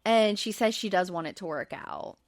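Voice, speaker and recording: A woman's voice: mid-range voice, normal speed, no echo, studio quality. A woman hosting a podcast and recapping a reality show in casual, chatty talk, with plenty of fillers and light laughs. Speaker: podcast host.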